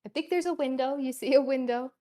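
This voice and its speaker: A woman running a casual tabletop game as game master, halting and giggly, with many fillers. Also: sits high, dark tone.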